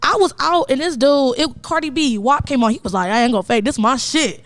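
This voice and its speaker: High-voiced, animated young woman. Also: a little fast, dry recording. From Cleveland, Ohio. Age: young adult. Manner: animated storyteller, acts out quoted voices. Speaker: podcast co-host. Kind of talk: casual chat.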